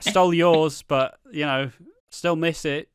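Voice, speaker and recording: A man's voice: on the high side, steady tone, unhurried, clean tone, dry recording, clean studio sound, pitched above the performer's own voice, close to an everyday voice. A man imitating a flippant teenage boy who shrugs off his troubles. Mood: breezy. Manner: breezy, cheeky, laughing.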